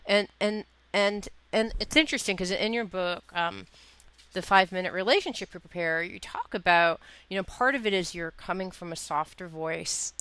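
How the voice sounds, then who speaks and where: A woman's voice: on the low side, normal speed, a bit bright, clean tone, dry recording. A woman hosting a conversational interview, talking in an engaged, reflective way with lots of fillers. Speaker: host.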